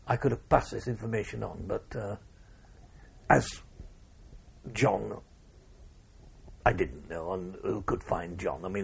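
An older man, telling an interviewer his wartime memories in a measured way, with pauses and restarts. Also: fairly low pitch, gravelly, a little hiss or hum. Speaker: war veteran interviewee. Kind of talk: oral history interview.

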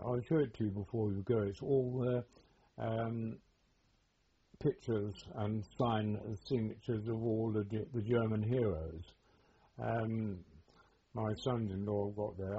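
Older man, interviewee. Low, husky, halting storyteller. Muffled lo-fi recording. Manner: hesitant, rambling storytelling with many pauses. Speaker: war veteran interviewee. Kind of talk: oral history interview. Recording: dull lo-fi recording.

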